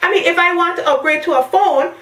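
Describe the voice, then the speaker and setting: A young woman from the Caribbean, pregnant, telling a sassy, animated story in a casual rant to the camera. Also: very high voice, quick pace, distant mic. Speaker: vlogger. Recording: echoey, from off the mic.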